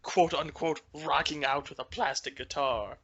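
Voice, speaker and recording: A male podcast co-host with a bright, forward voice that sits slightly high for a man. He talks in casual, crude chat and swears through every rant. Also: moderate pace, husky, lo-fi sound. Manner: profane, ranting.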